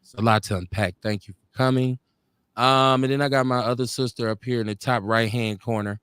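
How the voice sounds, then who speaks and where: A man hosts a live-streamed show in a laid-back, easygoing manner, often repeating his words. His voice is at an average pitch and sounds dry and close, with no room echo. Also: fairly even intonation, fairly quick, fairly bright tone, smooth. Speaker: podcast host. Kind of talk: casual live-stream hosting. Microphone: video call.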